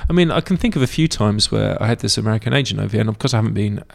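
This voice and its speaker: A British man with a British English accent talks fast in a casual interview, his low voice carrying a gravelly rasp. He rambles through his stories, often stopping to correct himself mid-thought. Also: expressive. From Britain. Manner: rambling, self-correcting storyteller. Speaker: actor guest.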